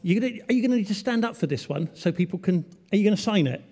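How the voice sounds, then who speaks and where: A church leader gives an all-age children's talk, playful and chatty as he draws in the congregation. His high-sitting voice is expressive, very fast, and dark in tone, ringing out with a long reverb through a large church hall.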